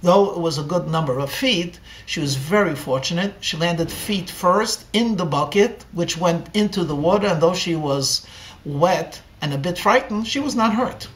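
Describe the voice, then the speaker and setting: A man, a rabbi, telling a story in a sermon at a slow, deliberate pace with many pauses. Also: a little high, lively intonation, a bit bright.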